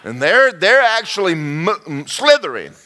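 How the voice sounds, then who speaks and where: A man preaching a storytelling sermon, folksy and animated, with joking asides and sudden shouts. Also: sits high, unhurried.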